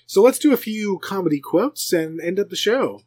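A man with a slightly high voice, rambling through a story with lots of restarts and sudden jumps in pitch. He hosts a relaxed podcast chat. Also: moderate pace. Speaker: podcast host. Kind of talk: casual chat.

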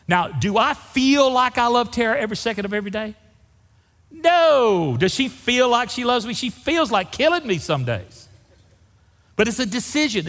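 A middle-aged man, an interim pastor preaching a folksy, animated sermon and joking with the congregation. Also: high voice, in a large hall.

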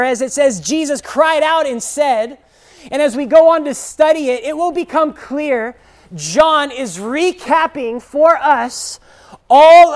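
A preacher delivering an expository sermon, stressing single words and rising to shouted declarations. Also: high voice. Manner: slow, deliberate emphasis on single words.

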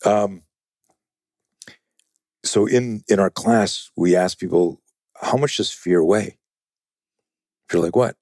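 A man, a self-defense trainer, talking as a podcast guest in a casual, profane, animated way and acting out the quotes in his stories. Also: low-pitched, takes it slowly, pauses often, no room sound, studio quality.

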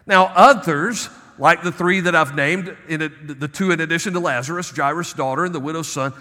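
A male pastor preaching a Sunday sermon, swinging between soft asides and emphatic rises. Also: a little high, a little fast, big-room sound.

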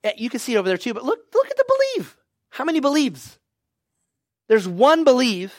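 A man's voice: extremely high pitch, wildly swooping pitch, a little fast, dry recording. A man preaching a sermon to his congregation, exhorting them and asking "right?" and "come on now" over and over. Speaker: pastor.

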